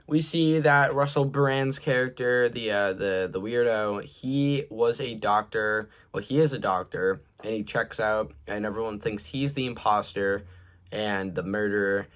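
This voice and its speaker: A young man with a fairly low voice talks through a movie in a casual review. His delivery is loose and rambling, padded with fillers, and his voice tends to fade at the ends of sentences. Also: measured pace, a bit bright.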